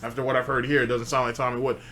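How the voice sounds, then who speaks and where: A male host talks through his thoughts on a clip in an ordinary middle-pitched voice. He muses aloud and circles back with restarts and filler words. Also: level tone, very fast, pushed and bright. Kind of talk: reaction commentary.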